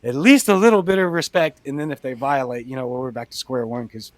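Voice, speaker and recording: A young Cajun man talks bluntly on a podcast, his voice close and dry. He is animated and acts out the people in his story, and his voice sits mid-range. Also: mid-range voice, fast talker, no room sound. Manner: blunt, animated retelling with acted-out quotes. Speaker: podcast guest. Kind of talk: casual storytelling.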